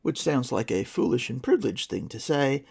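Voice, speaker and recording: A man's voice: mid-range voice, lively intonation, moderate pace, creaky, darkish tone, breathy edge. A man casually retelling an old folktale with wry, sarcastic asides as a podcast host. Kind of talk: casual storytelling with commentary.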